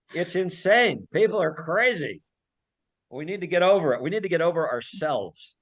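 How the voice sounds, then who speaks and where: A man's voice: high voice, lively intonation, measured pace, pauses often, fairly bright tone. A man giving an informal talk over a video call, rambling and teasing in a jokey way. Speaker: lecturer.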